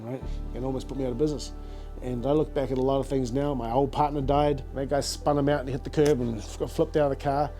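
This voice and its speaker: A man's voice: medium pitch, dark tone. A middle-aged man with a New Zealand accent, a business founder telling stories in a casual, slangy interview, repeating words as he goes.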